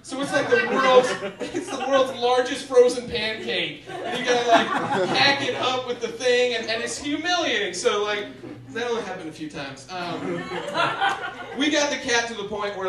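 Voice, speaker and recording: A young man doing stand-up comedy, telling animated stories with sudden shouted bits on a theater stage. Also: high voice, normal speed, very noisy. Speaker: stand-up comic. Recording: echoey theater from a distance.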